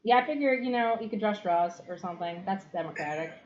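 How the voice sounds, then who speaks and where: A woman's voice: mid-range voice, expressive, quick pace, a little mellow, slight background noise. A young woman narrating as game master in casual chat, laughing often and swearing freely. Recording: dull lo-fi sound.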